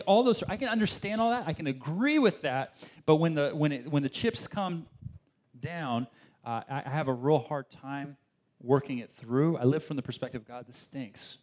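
A man delivers a sermon in a fairly high voice. He talks in a lively, conversational way, stumbling over restarts as he works through his point. He sometimes slips into mock complaining tones. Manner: animated, acts out complaining voices, frequent restarts. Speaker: pastor.

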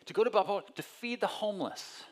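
A male pastor giving a conversational sermon, telling personal stories and acting out voices with lively energy. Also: sits high, brisk. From California. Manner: conversational storytelling with animated quoted voices.

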